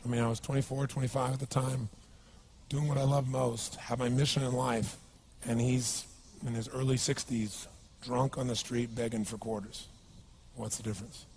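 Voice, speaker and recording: A man's voice: mid-range voice, level tone, normal speed, a little mellow, a little hiss or hum. A man speaking as a motivational speaker at a live seminar, emphatic and punchy, often asking the audience questions.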